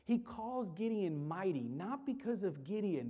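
A woman's voice: mid-range voice, very animated, a little slow, hardly any pauses, mellow, breathy edge. A woman preaching a sermon with emphasis, repeating key phrases and asking the listeners rhetorical questions.

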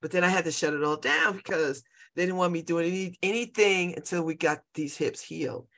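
Bright-voiced chatty woman in her fifties. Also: lowish voice, fairly quick. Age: 50s. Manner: rambling, chatty, laughs often, repeats herself. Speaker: show host. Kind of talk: casual personal chat.

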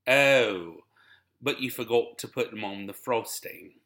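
Gravelly laid-back man on a podcast. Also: on the low side, animated, measured pace, a bit bright. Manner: laid-back, rambling, laughs a lot. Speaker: podcast host and stand-up comedian. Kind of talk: casual podcast monologue.

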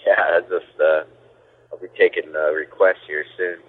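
A man's voice: a bass voice, little pitch movement, normal speed, noisy background. A man in his thirties from Southern California, a race driver talking casually with radio hosts over the phone from a car, laid-back and laughing easily. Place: in a car with passengers. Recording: tinny phone line.

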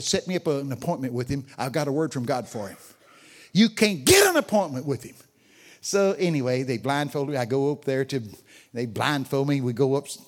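Older man, guest preacher, sermon, storytelling, chatty with the audience. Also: mid-range voice. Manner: storytelling, chats with audience members.

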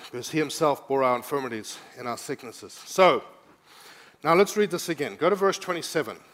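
A man's voice: fairly high pitch, animated, fairly quick, fairly bright tone. A man preaching a sermon as pastor, teaching scripture and rising to urgent, emphatic preaching, often asking the congregation to respond.

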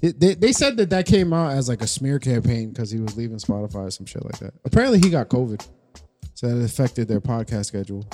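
A man's voice: medium pitch, big pitch swings, fast, dark tone, faint music behind. A man co-hosting a podcast, joking around in profane casual banter and often restarting his sentences. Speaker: podcast co-host.

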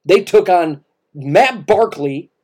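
A man's voice: sits high, animated, slow, a little mellow. A man co-hosting a casual sports podcast, emphatic and repetitive, with many restarts. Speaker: podcast co-host.

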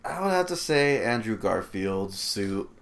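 A man's voice: on the low side, big pitch swings, a little slow, a little hiss or hum. A man co-hosting a casual chat, laid-back and wisecracking, laughing often. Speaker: podcast co-host.

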